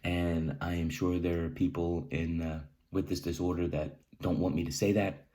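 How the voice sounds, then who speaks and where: A man giving earnest advice, emphatic and repetitive, often asking "right?" and clearing his throat between halting restarts. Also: deep voice, steady tone, dark tone. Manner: emphatic, repeats key phrases, says "right?" often. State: emotional. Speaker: vlogger sharing personal experience. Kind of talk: earnest direct-to-camera advice talk.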